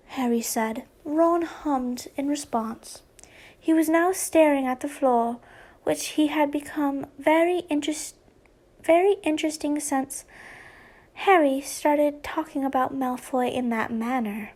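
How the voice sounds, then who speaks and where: A young woman reads fan fiction aloud in a casual, giggly way, often stopping for chatty asides. Her voice sits high, and she takes her time. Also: measured pace, darkish tone. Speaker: fanfiction reader and channel host.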